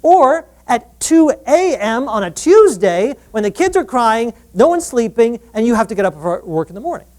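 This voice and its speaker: A woman giving a lively public lecture on relationships. She acts out quoted dialogue and often restarts her sentences. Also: fairly high pitch, normal speed, hardly any pauses. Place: live event before an audience.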